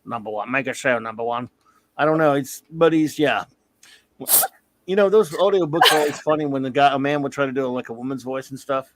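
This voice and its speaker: A man in his fifties hosting a casual comics talk stream, an animated storyteller who often breaks into laughter. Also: a little high, fairly quick, slight background noise. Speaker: comics podcast host. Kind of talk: casual live-stream chat.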